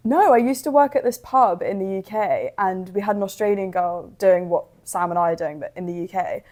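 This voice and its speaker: A young woman with a British accent hosting a podcast, chatting casually and telling animated stories. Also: medium pitch, brisk. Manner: chatty, animated storytelling with quoted voices. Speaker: podcast host. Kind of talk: casual chat.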